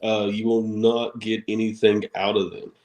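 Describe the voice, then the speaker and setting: A man, a wrestler guest on a podcast, telling stories in an animated way, acting out quotes and laughing often. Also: lowish voice, moderate pace, poor audio. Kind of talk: casual storytelling interview.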